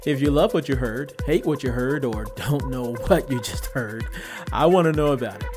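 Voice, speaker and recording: A man's voice: mid-range voice, normal speed, music in the background. A man hosting a solo opinion podcast, talking in a thoughtful, reflective way and laughing now and then. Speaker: podcast host.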